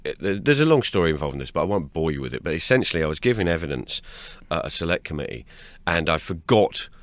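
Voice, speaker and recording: Animated comedian telling stories. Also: male voice, deep voice, dry recording. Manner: lively, laughs mid-story, restarts words. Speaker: comedian guest. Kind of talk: animated anecdotal storytelling. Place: radio studio.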